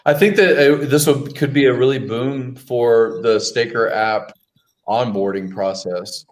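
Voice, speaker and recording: A man's voice: medium pitch, a little slow. Male co-host, mid-range voice, loose and chatty, lots of "you know". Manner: loose, filler-heavy, storytelling. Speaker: podcast co-host. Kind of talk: casual chat.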